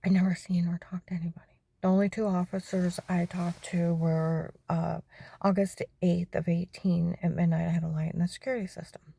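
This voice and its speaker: A middle-aged woman with a low, flat voice tells her own story, keeps asking "okay?" and often sinks into a whisper. Her tone is gravelly and husky. The recording is dry and close. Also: a little fast, no echo. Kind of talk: personal testimony monologue.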